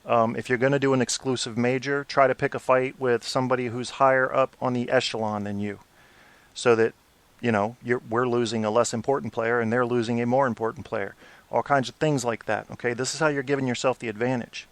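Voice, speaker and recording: A man's voice: mid-range voice, steady tone, brisk, clean tone, no room sound. A man in his forties hosting a post-game hockey talk show, opinionated and blunt, swearing when riled. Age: 40s. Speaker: podcast host.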